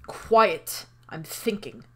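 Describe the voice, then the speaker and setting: A woman voicing a gruff, irritable rough man who talks in a blunt, swearing way. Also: on the low side, animated, very slow, pushed and bright, full character voice. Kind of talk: game dialogue read aloud.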